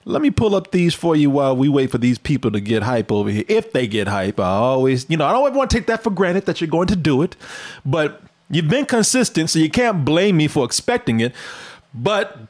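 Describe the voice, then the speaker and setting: Laughing, high-voiced joking man host. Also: very animated, fairly quick. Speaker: stream host. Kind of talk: casual chat.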